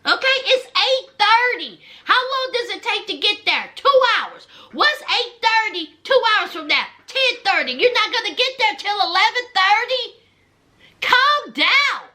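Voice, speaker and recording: A woman's voice: very high-pitched, very animated, a little slow, sharp tone, voice pushed up, heavily acted. A woman voicing a dismissive, unbothered mother who brushes off her son's worry. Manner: breezy, brushing off.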